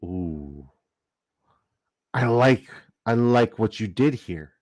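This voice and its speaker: A man's voice: fairly low pitch, animated, drawn-out words, a little mellow. A man from Canada, giving loose, jokey commentary and swearing casually while running down a fantasy football draft.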